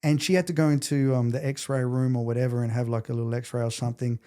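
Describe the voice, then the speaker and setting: A man's voice: medium pitch, quick pace, clear, resonant tone. A middle-aged man, a podcast guest telling an emotional story with intensity and acting out the quotes. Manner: intense, animated retelling, acts out quotes.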